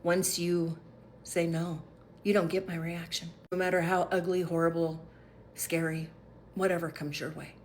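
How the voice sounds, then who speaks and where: Gently preaching woman, slightly low voice. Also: level tone, moderate pace, slight background noise. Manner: warm, affectionate, slips into soft whispers; uses casual slang. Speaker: faith vlogger. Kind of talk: casual faith talk to camera.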